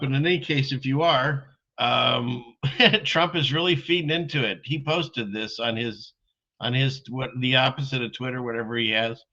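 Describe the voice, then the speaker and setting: A man's voice: mid-range voice, pushed and bright. A man hosting a casual chat show, loose and conversational, laughing often. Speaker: host. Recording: dull lo-fi audio.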